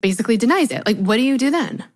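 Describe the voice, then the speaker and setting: A woman's voice: a little high, lively intonation, very fast. Chatty woman podcast host. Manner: eager, chatty, agreeing. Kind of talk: casual chat.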